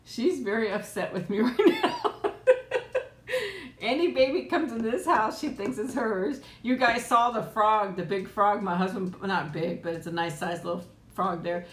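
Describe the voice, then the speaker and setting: Middle-aged woman, casual live stream chat, home tablet mic, giggly and chatty, mid-pitched voice, roomy echo. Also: sing-song, measured pace, slight background noise. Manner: chatty, laughs often, coos at her pet.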